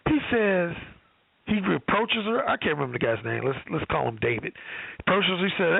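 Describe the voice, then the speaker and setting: A male dating coach tells a story with cursing and plenty of animation, his high voice bouncing all over. His tone is gravelly and husky. It sounds squeezed through a tinny phone line. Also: big pitch swings, quick pace, dry recording. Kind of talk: storytelling on a call-in show.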